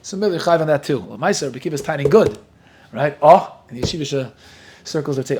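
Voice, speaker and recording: A man whose first language is Yiddish, teaching a Talmud class in a lively, joking way. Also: fairly high pitch, quick pace, background noise. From Williamsburg, Brooklyn. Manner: lively, joking, mixes Hebrew and Yiddish terms into English.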